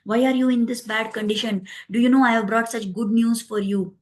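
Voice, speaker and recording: Woman narrator voicing a fretful, doting king, higher pitch, coaxing. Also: fairly even intonation, darkish tone, lightly acted. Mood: pleading. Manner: pleading, coaxing, hurried. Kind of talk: storytelling role voice.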